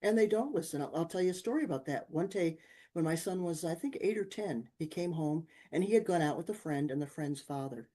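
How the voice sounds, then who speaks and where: A woman guest on an interview show, telling lively personal stories and acting out the people in them. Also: low-pitched, a little fast. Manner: lively anecdotes with acted-out quotes. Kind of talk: conversational storytelling.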